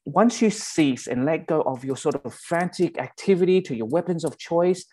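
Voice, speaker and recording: A man with an Australian accent giving a conversational sermon, often pausing to check in with his listeners. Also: mid-range voice, dark tone. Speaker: pastor.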